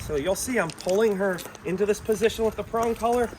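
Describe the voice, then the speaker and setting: Male dog trainer, slightly high-pitched, recorded outdoors with steady background noise. Mixes upbeat praise with calm, instructive explanation. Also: fast.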